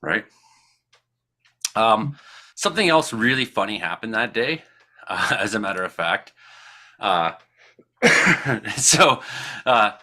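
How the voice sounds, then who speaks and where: A man from Canada, hosting a casual talk show, telling a rambling, profane story with frequent laughs and acted-out shouted quotes. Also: fairly low pitch. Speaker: podcast host.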